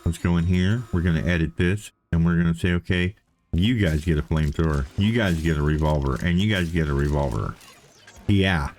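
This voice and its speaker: A man's voice: deep voice, a little fast, darkish tone, soft background music. A man giving casual, chatty commentary as he plays a game, thinking aloud and repeating himself. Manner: playful self-talk. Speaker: let's play host.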